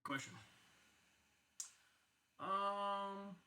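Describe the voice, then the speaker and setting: A man's voice: high voice, drawn-out words, sharp tone, poor audio. A man narrating as game master for a tabletop game, hesitant, with lots of restarts. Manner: hesitant, full of fillers and restarts.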